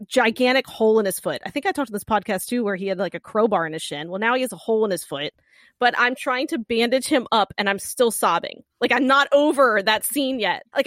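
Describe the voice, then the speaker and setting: A woman co-hosting a podcast, telling a story in a lively, laughing way. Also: fairly high pitch, dry recording. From United States. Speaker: podcast co-host. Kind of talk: casual chat.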